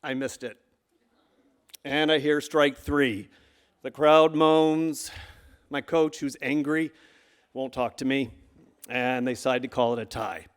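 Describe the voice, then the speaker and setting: A middle-aged man telling a true story live on stage, acting out the coaches' shouts with lively energy. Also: medium pitch, takes it slowly, long pauses, clear, resonant tone. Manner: animated, acts out the shouts of coaches. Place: stage before a live audience.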